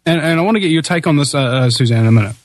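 A man's voice: fairly high pitch, expressive, very fast, dry recording. A man from New Zealand hosting a political talk radio show, speaking in an impassioned, rallying way with many restarts and fillers.

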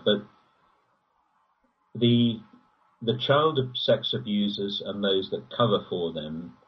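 A man with a very husky, breathy voice and a fairly low pitch, caught from a distance on a dull lo-fi recording. He talks in long rambling runs, his pitch leaping up whenever he presses a point. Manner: rambling, animated, pitch jumps when emphatic. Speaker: guest. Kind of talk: conversational interview.

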